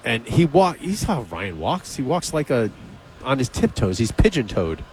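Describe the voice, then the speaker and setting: Radio host telling a story. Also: male voice, mid-range voice, moderate pace. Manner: animated, acts out both sides of conversations. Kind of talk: casual storytelling on air. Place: radio studio.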